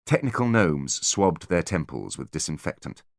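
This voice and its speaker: Very deep-voiced male audiobook narrator. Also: very animated, normal speed, creaky, no room sound, studio quality. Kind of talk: scripted narration.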